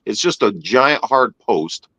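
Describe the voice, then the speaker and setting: A man's voice: lowish voice, animated, takes it slowly, pushed and bright. A man in casual podcast banter who gripes and swears freely. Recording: dull lo-fi sound.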